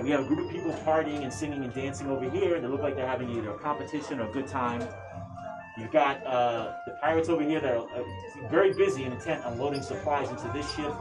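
A man's voice: mid-range voice, poor audio. A man running a tabletop game as game master, describing scenes casually with fillers.

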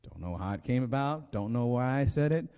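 A man's voice: medium pitch, expressive, fairly quick, warm tone, clean tone. A man preaching a sermon as pastor, telling a story in a rambling, conversational way with many restarts. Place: church sanctuary. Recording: long hall reverb.

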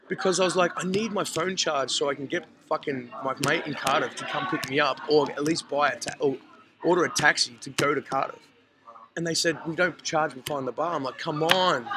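High-voiced, gravelly storytelling man. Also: rough recording. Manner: animated, sweary, acts out quotes. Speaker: podcast host telling a story. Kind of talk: casual storytelling among friends. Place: hostel common area, indoors.

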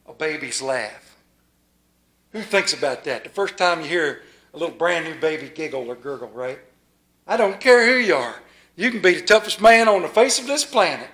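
Man, pastor, sermon, rural Maryland accent, slightly high voice, folksy, playful, hushed reverence.

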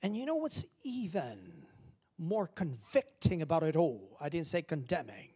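A man preaching as pastor, animated, swinging from loud calls down to hushed whispers. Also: fairly high pitch, measured pace, husky. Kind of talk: lively sermon.

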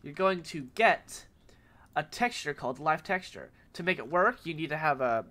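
A man who is sick with a cold, speaking in a nasal voice and giving a rambling, filler-filled software tutorial. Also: on the high side, expressive, normal speed. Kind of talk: casual screen-recorded tutorial.

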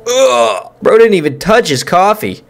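A young man giving let's-play commentary on a horror game, excitable, joking and swearing as he reacts. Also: mid-range voice, normal speed, faint music behind. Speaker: gaming YouTuber.

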